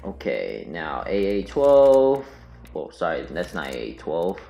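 A man's voice: deep voice, huge pitch swings, slow pace, vocal fry, mellow. A man hosting a casual let's-play, thinking aloud to his viewers in a mumbly way. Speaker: gaming channel host. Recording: roomy room sound, faint game music. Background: faint game music.

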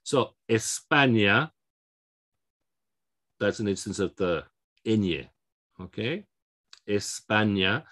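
A Spanish instructor with a lowish, animated voice teaches pronunciation in a lecture at a measured pace. He lays out the rules step by step in an explanatory way, with frequent fillers and restarts, and often checks in by asking "okay?"

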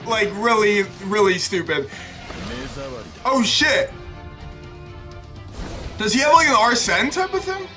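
A young man with a high, bright voice pours out nervous excitement as he reacts to a game trailer. He rambles, curses freely and keeps working himself up. There is faint music behind him. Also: slow, pauses often. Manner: hyped, nervous, rambling, swears a lot.

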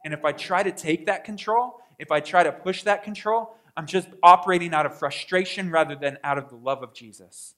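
A male pastor preaching a sermon in a conversational way, asking the congregation questions and acting out prayers, swinging from quiet asides to loud bursts. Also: on the high side, a little fast, few pauses.

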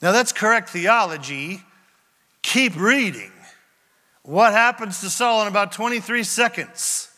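A man preaching a sermon as pastor, retelling scripture scenes with lively acted-out voices. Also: sits high, a little slow, big-room sound.

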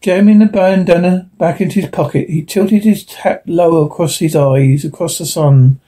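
A man narrating a science fiction story as an audiobook, steady, with occasional slips and restarts. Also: a little high, moderate pace, hardly any pauses.

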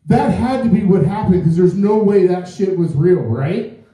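Self-mocking stand-up comic, dark echoey sound. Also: male voice, high-pitched, lively intonation, moderate pace. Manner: rambling, self-mocking storytelling. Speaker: stand-up comedian. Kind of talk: stand-up comedy set. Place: comedy venue before a live audience. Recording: echoey club from far off.

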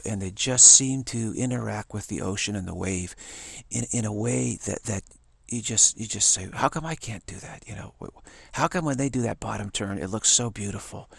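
Gravelly, husky man rambling excitedly. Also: on the low side, no room sound. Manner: rambling, full of restarts and repeated words; excited, animated. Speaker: talk host. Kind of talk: casual monologue.

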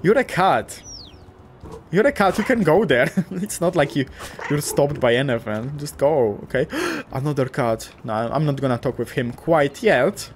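A young man casually commentating a cute game, gushing, swearing lightly and talking to the characters, often jumping up into excited squeals. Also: a little high, a little slow, a little hiss or hum. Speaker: gaming YouTuber.

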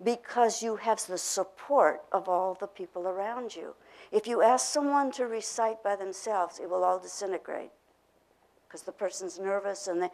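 Older lady teaching a pronunciation workshop, gravelly voice, walks through concepts with repeat-after-me drills. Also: mid-range voice, darkish tone, rough recording. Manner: explains concepts with spoken drills and repetition. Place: workshop room.

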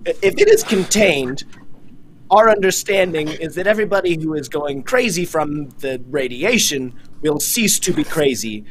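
A cautious, courteous merfolk leader in a tabletop game, played by a man. His slightly high voice rises and falls a great deal. He talks in a halting way, full of pauses and restarts. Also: big pitch swings, slight background noise. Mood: earnest. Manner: halting, hesitant, lots of pauses. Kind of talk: voicing a character at a tabletop game.

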